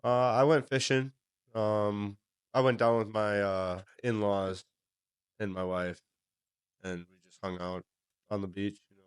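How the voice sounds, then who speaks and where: A man co-hosting a casual podcast, easygoing and dry-humored. His voice is low and smooth. The sound is close and dry. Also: little pitch movement, a little slow, long pauses, no echo. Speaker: podcast co-host. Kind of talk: casual chat.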